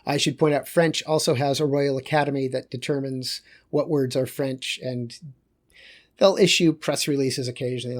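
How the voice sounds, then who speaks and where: A man's voice: mid-range voice, steady tone, normal speed. A male teacher giving a recorded lecture in a conversational way, with joking asides.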